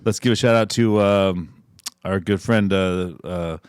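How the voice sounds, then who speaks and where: A man's voice: sits low, unhurried, clean tone, no room sound, studio quality. A man co-hosting a podcast in casual chat, joking and swearing freely. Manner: swearing, joking, loose banter. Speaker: podcast co-host.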